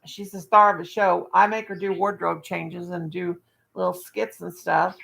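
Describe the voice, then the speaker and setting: A woman hosts a live stream from her country home through a webcam, her voice heavy with gravel and fry. She talks in a rambling, folksy way, tossing in jokes as she goes. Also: lowish voice, flat delivery, normal speed, a bit bright. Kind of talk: casual live-stream chat.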